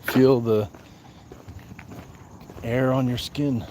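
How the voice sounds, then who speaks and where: A man hosting a casual livestream on a night walk, greeting viewers by name and answering their comments in a relaxed way. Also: medium pitch, drawn-out words, a little hiss or hum. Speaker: livestream host.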